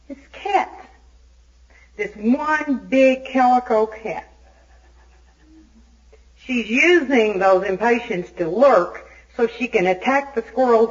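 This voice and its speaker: Woman telling a self-mocking story on tape. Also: fairly high pitch. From Arkansas. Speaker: Al-Anon speaker. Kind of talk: humorous recovery meeting talk. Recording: dull lo-fi tape recording.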